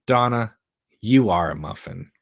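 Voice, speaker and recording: A man reading the part of a restless, troubled teenage girl with a halting, wry delivery. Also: fairly low pitch, expressive, gravelly, no room sound, clean studio sound, heavily acted.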